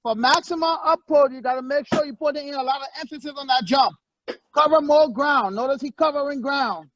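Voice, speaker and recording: A male fitness coach leading a workout, energetic and barking short encouraging commands, on a muffled lo-fi recording. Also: extremely high pitch, a little hiss or hum.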